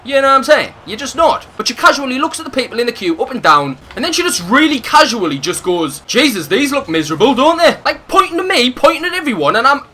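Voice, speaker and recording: Loud, sweary man ranting. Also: very high voice, fast talker, few pauses, slight background noise. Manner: animated, profane ranting with comic insults. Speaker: gaming video host. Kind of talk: ranting storytime over gameplay.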